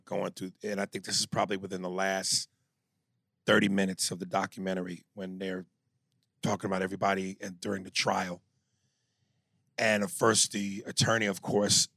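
A man co-hosting a podcast, in casual chat, recounting scenes with animated delivery. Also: low-pitched, gravelly, dry recording, studio quality. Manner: animated storyteller who acts out quotes. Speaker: podcast co-host.

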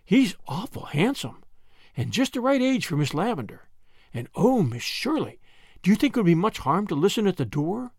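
A man's voice: high-pitched, sing-song, moderate pace, husky, no room sound, clean studio sound, heavily acted. A man voicing a gossipy, eager young female housemaid who chatters breathlessly in rustic grammar. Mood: eager gossip.

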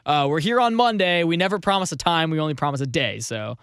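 A man's voice: fairly high pitch, animated, fast, fairly bright tone, smooth, no room sound, clean studio sound. A man co-hosting a casual comedy podcast, playful and fond of doing silly voices for bits. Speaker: podcast co-host.

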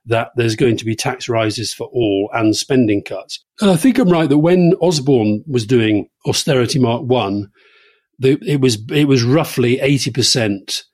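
A Scottish man co-hosting a political podcast, talking briskly in casual chat and turning to teasing banter. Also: medium pitch, darkish tone, husky. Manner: brisk, talkative, breaks into teasing. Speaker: podcast co-host.

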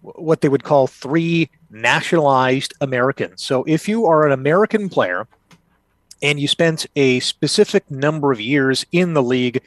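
A man's voice: mid-range voice, normal speed, no room sound. A man who comments on sports for radio, laying out the details in an explanatory way.

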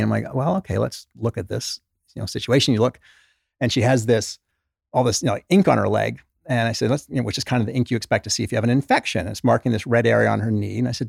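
A man's voice: medium pitch, fast talker, gravelly, husky, no echo, studio quality. A middle-aged man, a former doctor, telling stories in an interview and acting out the voices of the patients he quotes. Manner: animated storyteller who acts out patient quotes. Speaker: former doctor, author, guest. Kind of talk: conversational interview storytelling.

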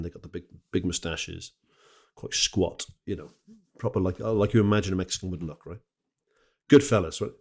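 A man hosting a podcast, telling comic anecdotes with lots of asides. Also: sits low. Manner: animated, rambling anecdotes with asides. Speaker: podcast host. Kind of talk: comic storytelling.

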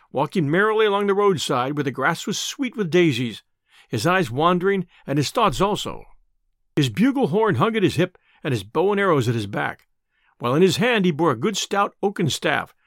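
A man narrating an old tale aloud in expressive, old-fashioned storytelling. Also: on the high side, dry recording, studio quality.

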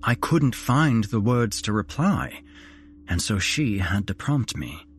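A man hosting a horror podcast, narrating a first-person ghost story in a measured, dramatic way. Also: fairly low pitch, very animated, slight background noise.

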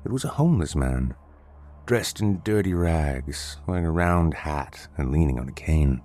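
A man reading a story aloud as narrator, in a measured, descriptive way. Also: very deep voice, lively intonation, warm tone. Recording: faint background music.

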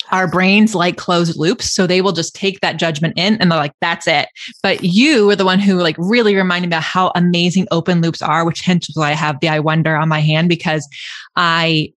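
A woman's voice: on the low side, fairly even intonation, normal speed, fairly bright tone, no room sound. A woman hosting a podcast interview, reflecting aloud in a casual way. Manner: reflective, thinking aloud with restarts. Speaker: podcast host.

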